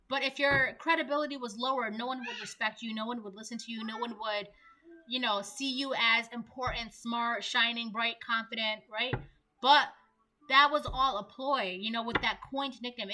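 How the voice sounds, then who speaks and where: A woman's voice: a little high, pushed and bright. A woman giving a casual spoken tarot reading. She rambles and keeps checking in with "right?" and "um". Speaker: tarot reader.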